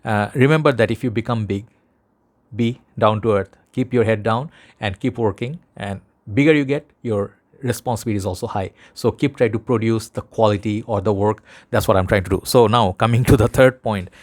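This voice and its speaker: Earnest Bangladeshi man, low voice. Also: brisk. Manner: earnest, rambling, addresses viewers as brothers. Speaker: fragrance vlogger. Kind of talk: casual talk to camera.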